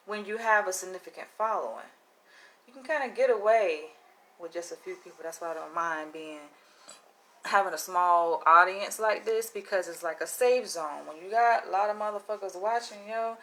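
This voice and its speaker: A woman's voice: mid-range voice, normal speed, fairly bright tone. A woman from the United States vlogging casually to her small audience. She speaks with a slangy, emphatic, profane delivery, pressing her points in a conspiratorial tone. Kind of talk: casual monologue to camera.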